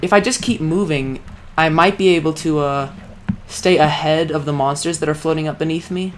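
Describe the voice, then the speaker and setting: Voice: medium pitch, normal speed, a little hiss or hum. A young adult talking through a solo video game session, often exasperated and calling themselves an idiot. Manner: self-critical, exasperated talk to self. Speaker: let's play creator. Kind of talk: solo gameplay commentary.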